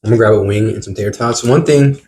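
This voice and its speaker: A man's voice: lowish voice, fast, mellow, a little hiss or hum. A man co-hosting a casual podcast while eating, with playful, exaggerated reactions and lots of "bro". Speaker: podcast co-host.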